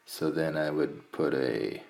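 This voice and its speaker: A man with a very deep, gravelly voice explains math step by step. He talks calmly and counts through each part aloud. The room around him is echoey. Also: takes it slowly. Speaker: math teacher. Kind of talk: screencast math lesson.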